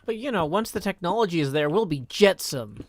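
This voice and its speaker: A man's voice: high-pitched, lively intonation, brisk. A man in his thirties, a streamer, chatting casually with a co-host while they build in a game, dry and self-deprecating in his jokes. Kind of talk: casual chat while gaming.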